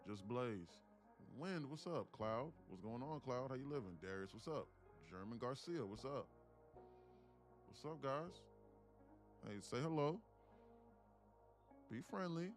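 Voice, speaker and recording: Casual livestream host greeting viewers. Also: male voice, mid-range voice, animated, measured pace, pauses often, faint music behind. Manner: greets viewers by name, swears freely, laughs easily. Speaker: livestream host, day trader.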